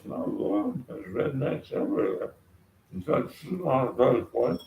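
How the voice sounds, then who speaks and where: Gravelly, slow-talking ranting man. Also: mid-range voice, lively intonation, dark tone, roomy sound, slight background noise. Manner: rambling, sarcastic, chuckling often. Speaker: vlogger. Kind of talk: rambling political rant.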